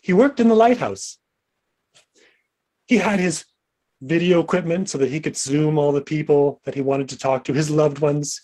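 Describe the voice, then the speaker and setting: A man's voice: fairly high pitch, dark tone. A man explaining an improv storytelling game and then starting a spooky tale with a playful, suspenseful delivery. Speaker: improv player.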